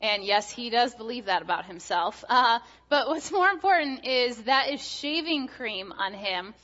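A woman in her thirties delivers a sermon as a guest speaker. She talks in a chatty, storytelling way, full of fillers and restarts. Her voice is bright and forceful, and the recording sounds dull and lo-fi. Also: on the high side, animated, normal speed.

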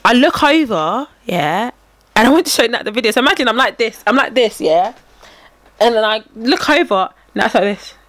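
A woman's voice: a little high, expressive, normal speed, fairly bright tone, no echo. A young woman, casually telling a story on a podcast, acting out quotes and laughing often. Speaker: podcast co-host. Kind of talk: casual chat.

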